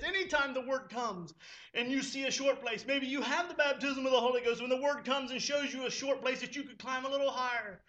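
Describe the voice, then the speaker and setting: A man's voice: very high-pitched, a little fast, sharp tone. A man preaching a sermon at a church service, exhorting fervently and rising to impassioned pleas. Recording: dull lo-fi recording.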